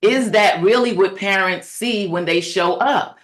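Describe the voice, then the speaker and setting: A woman's voice: medium pitch, a little slow. A middle-aged woman coaching childcare owners in a webinar talk, earnest and conversational with many fillers, and preacherly as she cites scripture.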